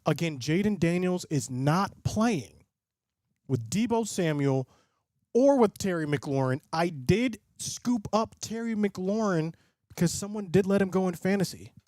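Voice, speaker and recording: A man doing live play-by-play commentary and reaction as a streamer host, excitable and often breaking into loud hype. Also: sits high, a little slow, no room sound, clean studio sound. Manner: excitable, swings into loud bursts of call-style hype. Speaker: livestream host and sports fan.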